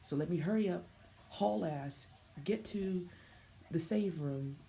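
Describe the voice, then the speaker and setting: A woman's voice: on the low side, slow, vocal fry, dark tone, slight background noise, low-quality recording. A young woman streaming a game, chatting casually with her viewers and stammering through her thoughts. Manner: stammering, talks to chat. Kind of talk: casual live gameplay commentary.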